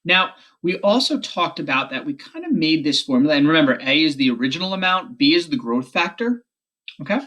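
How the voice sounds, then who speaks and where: Guy teaching math on video, kinda husky, talks fast and fixes his own slips. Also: fairly high pitch, very animated, sharp tone, dull audio. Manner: quick explanatory talk with self-corrections. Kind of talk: recorded video lesson.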